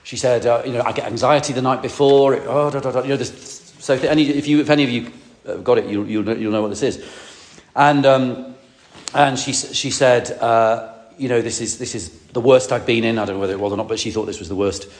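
A man's voice: medium pitch, brisk. A male priest preaching to a congregation, telling a personal story with many restarts and asides. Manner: rambling, self-correcting storyteller with asides to the congregation.

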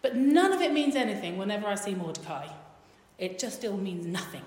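A woman's voice: medium pitch, big pitch swings, fairly quick, darkish tone, natural voice. A woman voicing a boastful, scheming male royal official while retelling a story in a sermon. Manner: self-satisfied, plotting. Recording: echoey hall reverb.

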